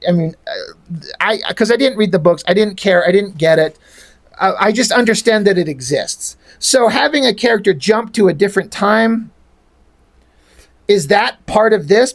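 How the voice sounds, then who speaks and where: A man's voice: high voice, vocal fry. Exasperated man ranting about a comic. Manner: blunt, profane, exasperated. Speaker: comic book reviewer.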